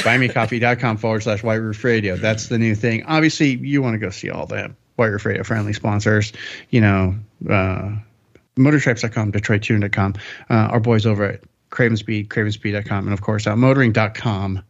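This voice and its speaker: A man's voice: lowish voice, brisk, vocal fry, dull audio. A man hosting a podcast in casual, rambling, upbeat chat. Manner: rambling, upbeat, self-correcting. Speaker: podcast host.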